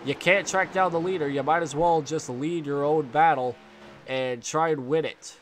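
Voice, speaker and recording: A stuffy, slightly high-pitched young man commentates a sim race, stringing calls together with fillers and restarts. Faint racing engine noise hums beneath his voice. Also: moderate pace. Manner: rambling with fillers and restarts, excited bursts at contact. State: stuffy, congested.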